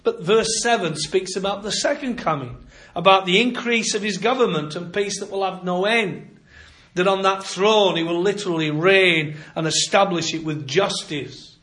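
A man delivering a sermon in a slightly higher-pitched voice. He speaks in a measured, emphatic way. He stretches out the words when he quotes scripture. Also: a bit bright. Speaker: preacher.

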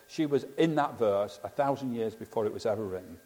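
A man preaches in an earnest, conversational manner, leaning on rhetorical questions. His voice is mellow, with an average pitch. The church hall gives it a long, trailing reverb. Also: fairly even intonation, fairly quick, few pauses. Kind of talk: sermon.

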